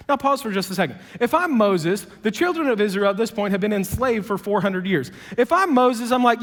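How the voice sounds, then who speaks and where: A man's voice: high voice, animated, fairly quick, hardly any pauses, a bit bright, big-room sound. A man preaching a sermon as a pastor, telling the story with energy and humor. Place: church auditorium.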